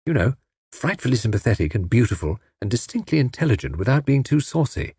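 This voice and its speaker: A man reading an audiobook, voicing a self-important young man who plays at being a great detective, in a slightly husky voice. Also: medium pitch, sing-song, fast, mellow, dry recording, studio quality, full character voice. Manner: self-important, theatrical, bossy. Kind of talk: audiobook character voice.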